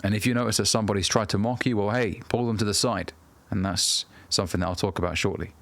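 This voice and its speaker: A man's voice: lowish voice, steady tone, quick pace, fairly bright tone, dry recording. A man in his thirties giving blunt, profane self-improvement advice straight to the camera as a coach. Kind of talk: direct-to-camera advice talk.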